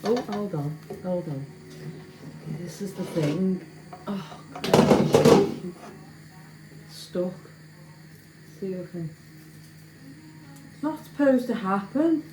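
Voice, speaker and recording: A woman's voice: medium pitch, animated, slow, long pauses, very noisy. Woman, home cooking vlogger, self-mocking chatter to viewers, echoey kitchen, clanking pots. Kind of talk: casual cooking vlog. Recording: echoey kitchen with clattering pans.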